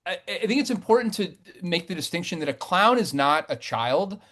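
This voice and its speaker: Animated man chatting in an interview. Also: brisk. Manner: rambling, many fillers and restarts, animated swings in pitch and loudness. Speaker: poet and interview guest. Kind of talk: casual conversational interview.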